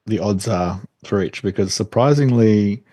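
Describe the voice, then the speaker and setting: A man co-hosting a podcast, relaxed with a dry humour. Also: lowish voice, measured pace, no echo. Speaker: podcast co-host. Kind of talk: casual chat.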